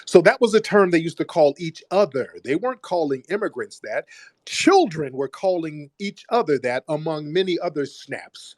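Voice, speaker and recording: A male host with a fairly high voice argues bluntly on his call-in show, brushing off the caller and hammering the same points. His voice sounds dry and close, with no room around it. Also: lively intonation, normal speed, no echo. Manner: blunt, dismissive, repeats himself. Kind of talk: call-in debate.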